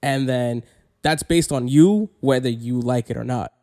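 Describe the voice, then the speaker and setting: A man's voice: mid-range voice, unhurried, mellow. A man, a DJ guest, earnestly explaining his view in a casual studio chat.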